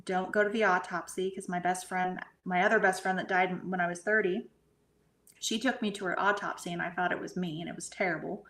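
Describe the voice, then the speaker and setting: A middle-aged woman telling a personal story as a guest, halting and often sinking to a soft whisper. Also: on the low side, steady tone. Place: at home. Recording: roomy echo.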